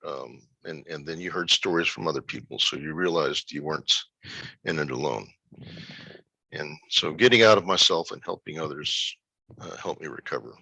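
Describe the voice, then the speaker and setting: A middle-aged man telling a personal story of grief and recovery in a reflective, halting way. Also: a bass voice, gravelly, bright, forceful tone, breathy edge, dry recording, poor audio. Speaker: guest sharing a personal story.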